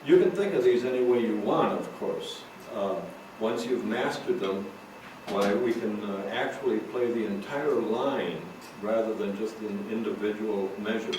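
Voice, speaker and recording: A man's voice: on the low side, unhurried. A man teaching drum rudiments, explaining patterns and calling out stickings between demonstrations in a drum room. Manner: calls out stickings while playing. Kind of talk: recorded drum lesson, talking between demonstrations. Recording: roomy echo, far from mic, noisy.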